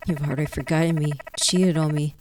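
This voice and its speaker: A woman's voice: low voice, fairly even intonation, a little fast, darkish tone, a little hiss or hum, natural voice. A woman voicing the resentful ghost of a dead husband, accusing and bitter.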